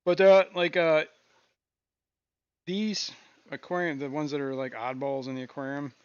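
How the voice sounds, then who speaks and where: A man hosting a casual live stream from his fish room, talking in a relaxed, rambling way with frequent chuckles. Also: fairly high pitch, normal speed, smooth, no room sound, muffled recording. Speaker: aquarium stream host.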